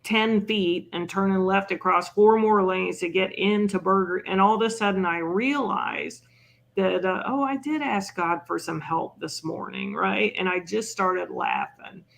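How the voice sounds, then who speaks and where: An older woman talks as a podcast guest with a gravelly, creaky edge to her voice. She tells personal stories in a loose, self-mocking way, full of "you know" asides. Her voice sits at an ordinary middle pitch for a woman. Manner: chatty and self-mocking, with frequent "you know" and quick laughs. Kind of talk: conversational storytelling.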